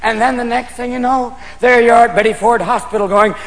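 High-voiced stand-up comedian in a hall. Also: male voice, a little fast. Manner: animated, slips into mock voices. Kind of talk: stand-up routine. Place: comedy club stage. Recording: echoey hall with loud crowd and noise.

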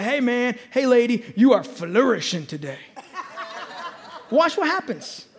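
A man with a very high voice preaches a lively sermon to his congregation. He fires rhetorical questions at the crowd and builds to emphatic peaks. His words ring out with a long reverb across the church hall. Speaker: pastor.

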